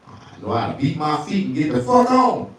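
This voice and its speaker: A male stand-up comedian telling crude stories, often jumping into falsetto. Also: big pitch swings, moderate pace, very echoey, distant mic. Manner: crude, storytelling, swings into falsetto.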